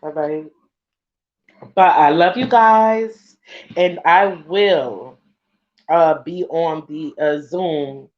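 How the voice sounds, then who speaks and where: A woman's voice: low voice, drawn-out words, pauses often. A woman in a casual, heartfelt talk to her followers as a spiritual vlogger. She is emotional and effusive, laughs often, and swears casually. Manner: laughs often, with a loose conversational rhythm. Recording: slightly dull lo-fi recording.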